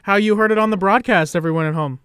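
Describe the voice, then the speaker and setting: A young man hosting a casual sports podcast, excitable and quick to hype things up. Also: high voice, slight background noise. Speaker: podcast host. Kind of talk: casual chat.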